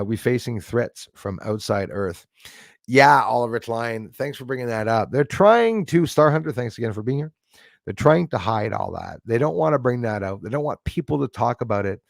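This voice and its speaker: A Canadian man hosts a casual live stream. He rants with fired-up opinions and laughs between remarks, and his voice has a gravelly, fry-edged texture. The sound is dry and close. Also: lowish voice, no room sound. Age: 40s. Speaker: livestream host. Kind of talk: casual live-stream chat reading viewer comments.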